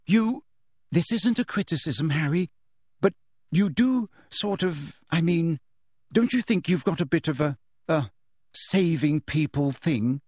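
A man's voice: a little high, lively intonation, unhurried, a little mellow, slightly rough, dry recording, clean studio sound, pitched above the performer's own voice. A man reading aloud and voicing an anxious, insistent teenage witch girl who pleads and reasons hesitantly. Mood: pleading.

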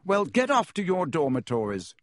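A man reading aloud, putting on a stiff, pompous teenage boy prefect in a raised, higher voice, in a dry recording. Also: lively intonation, fairly quick, darkish tone, slightly rough, no echo. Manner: stiff, self-important.

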